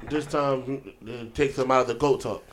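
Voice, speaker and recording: A man's voice: medium pitch, steady tone. A man co-hosting a podcast in casual chat, teasing the others and often restarting his sentences. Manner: teasing, halting, many restarts. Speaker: podcast co-host.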